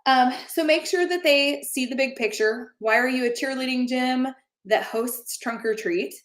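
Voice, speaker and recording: A woman co-hosting a casual chat, a lively storyteller who acts out quoted lines. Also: sits high, normal speed, roomy sound. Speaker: co-host.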